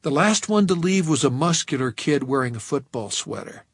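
A man narrating an audiobook in a wry, measured storytelling manner, recorded close to a studio microphone. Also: on the high side, very animated, husky, no room sound.

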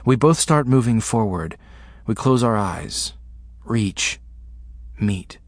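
Husky man narrating in halting fragments. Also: lowish voice, expressive, no room sound. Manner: halting, fragmented, intimate delivery. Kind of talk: first-person audiobook narration.

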